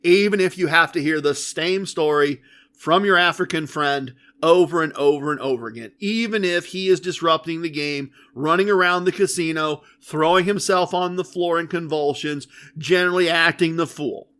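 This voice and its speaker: High-voiced man telling a casino story. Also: moderate pace. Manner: animated, emphatic storytelling. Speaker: podcast host. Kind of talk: casual storytelling.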